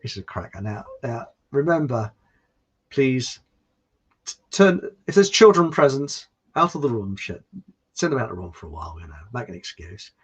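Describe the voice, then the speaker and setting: A man's voice: mid-range voice, big pitch swings, normal speed, husky. A middle-aged man hosting a livestream. He chats casually and rambles in a self-mocking way. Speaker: livestream host. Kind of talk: casual chat and joke telling. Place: warm indoor room.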